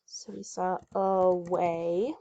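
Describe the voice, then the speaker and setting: A woman teacher reading a chapter book aloud and pausing to explain word sounds in a chatty, encouraging way. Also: on the low side, little pitch movement, creaky, warm tone. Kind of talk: reading aloud with phonics pointers. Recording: muffled lo-fi recording.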